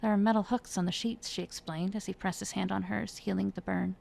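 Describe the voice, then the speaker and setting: Woman with a gravelly voice reading fiction. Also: mid-range voice, steady tone, brisk, darkish tone. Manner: reads the characters' lines with rising emotion. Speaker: author reading her own book.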